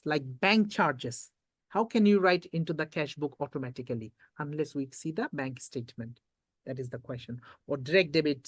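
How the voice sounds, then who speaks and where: An accounting tutor giving an exam revision lecture, reading questions aloud slowly and quizzing students with repeated points. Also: medium pitch, no echo, studio quality.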